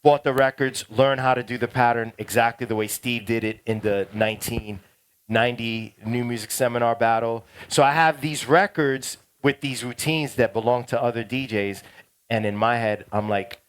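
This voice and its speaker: A middle-aged man tells a story to a DJ workshop class, loose and slangy. His voice sits mid-range. He grows loud and animated as he goes. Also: mid-range voice, normal speed. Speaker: DJ teaching a workshop.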